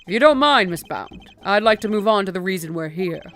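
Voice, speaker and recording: Woman voicing a calm, formal male defense attorney; courteous, measured read. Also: mid-range voice, soft background music, lightly acted.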